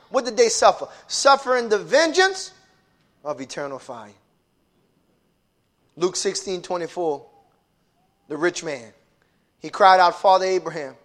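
High-voiced preacher man swinging loud to soft. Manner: swings from booming shouts to low, hushed lines; calls out to the congregation. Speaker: pastor. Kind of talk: preaching a sermon.

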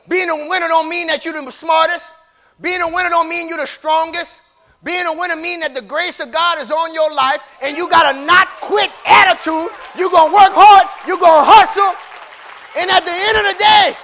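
A man preaches a sermon in loose, casual street talk, repeating phrases over and over. His voice sits very high and bright. A congregation can be heard faintly in the room. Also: slight background noise. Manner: builds from quiet storytelling to shouted call-and-response preaching.

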